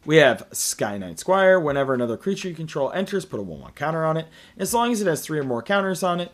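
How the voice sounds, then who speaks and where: Recording late at night, a tired man of medium pitch walks through a card game deck as its host. He reads the card text aloud in a relaxed way, peppering it with many "uh" fillers.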